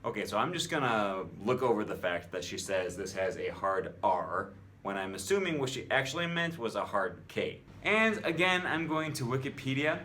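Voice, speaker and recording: A language vlogger reads an article aloud and argues back against it, exasperated and combative. His voice is on the low side, pushed and bright, swinging widely in pitch at normal speed, and the recording has roomy echo with faint ambient noise.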